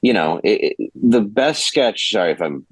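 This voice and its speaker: A man's voice: fairly low pitch, moderate pace, husky, no room sound, poor audio. A man, a comedian guest, chatting casually on a podcast and telling a story with lots of laughter and acted-out quotes. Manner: animated storyteller, laughs often, acts out quotes.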